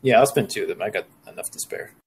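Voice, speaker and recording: A man playing a tabletop game, thinking aloud in a relaxed, casual way. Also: on the low side, fast, breathy edge, low-quality recording. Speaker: player.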